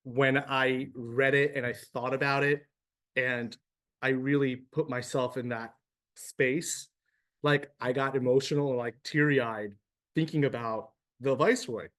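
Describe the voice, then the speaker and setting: A man teaching a religious class to a live and online group, casual and emotional, talking straight to his students. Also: mid-range voice. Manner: animated, emotional, addresses class directly. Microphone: live class also streamed to video call.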